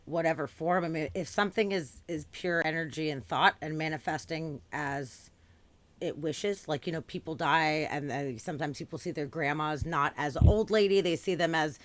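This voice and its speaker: A woman with a very low voice hosts a casual podcast chat. She thinks aloud in a measured, reflective way. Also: no room sound. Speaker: podcast host.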